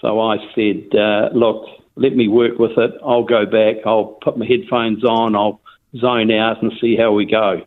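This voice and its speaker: A man's voice: fairly low pitch, little pitch movement, measured pace. New Zealand man on a tinny phone line. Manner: rambling, with restarts and fillers. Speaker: interviewee. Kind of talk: phone interview, casual storytelling.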